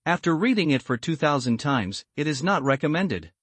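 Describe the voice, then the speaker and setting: A man reading a translated comic story aloud as a recap narrator, in a steady, even manner. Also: fairly high pitch, moderate pace, breathy edge, dry recording.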